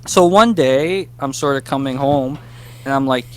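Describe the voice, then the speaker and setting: A man, a guest writer, telling a casual interview story, animated and self-deprecating about his nerves. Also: medium pitch, clean tone. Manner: animated, acts out his past self in quick bursts.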